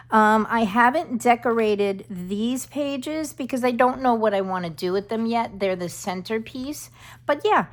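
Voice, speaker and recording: A middle-aged woman hosting a casual craft tutorial, chatty and often checking in with the viewer. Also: fairly high pitch. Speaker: craft channel host.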